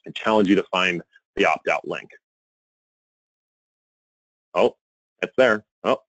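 A man giving a conference presentation, animated and exasperated, with a joking edge. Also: sits low, no echo, poor audio. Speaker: conference speaker on email marketing.

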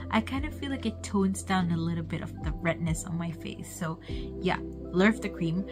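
A woman's voice: lowish voice, expressive, normal speed, over music. A young woman vlogging her night routine in a chatty way, often dropping to a whisper. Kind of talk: casual vlog narration.

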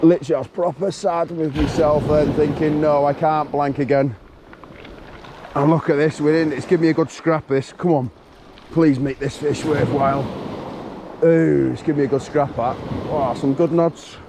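A man talking to himself and the fish as he shore fishes, in an excited running commentary, recorded outdoors on a beach on an action camera. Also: on the high side, moderate pace. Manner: exclaiming, talks to himself and the fish. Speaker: fishing vlogger. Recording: wind and surf noise outdoors.

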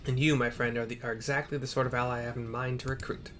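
A pompous, wordy bounty hunter who dresses up every boast in archaic formality, as a man reads his game lines aloud. The delivery stays in a plain middle pitch, brisk and self-satisfied. Soft game music plays underneath. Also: steady tone, close to an everyday voice. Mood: grandiose. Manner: grandiose, old-fashioned formal phrasing. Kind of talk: reading game dialogue aloud.

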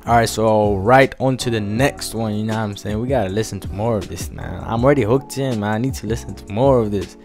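A young man casually chatting in an energetic, slangy way while reacting to music on his vlog, with a lot of repeated phrases. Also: on the low side, brisk, hardly any pauses. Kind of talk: casual hyped-up vlog chat. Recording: faint music behind.

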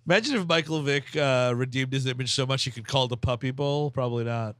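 A man co-hosting a comedy movie podcast, bantering with quick jokes and interjections. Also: medium pitch, dry recording. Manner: lively, jokey interjections. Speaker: podcast co-host.

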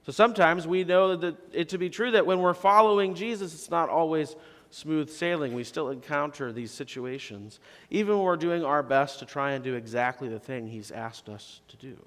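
A male pastor preaching a sermon in a conversational way, rising to emphatic questions and dropping to soft, low phrases. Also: normal speed. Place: church sanctuary. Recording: long reverb of a church sanctuary.

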